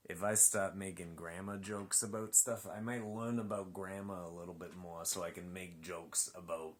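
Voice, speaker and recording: A man's voice: deep voice, steady tone, normal speed. A man chatting into his phone at home late at night while he stretches, joking and mocking himself, and trailing off mid-thought. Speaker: vlogger reviewing a show. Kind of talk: rambling casual chat while stretching.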